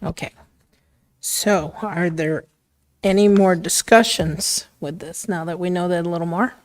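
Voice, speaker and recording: A woman's voice: fairly low pitch, steady tone. Woman chairing a public meeting. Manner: brisk, procedural. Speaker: commission chair.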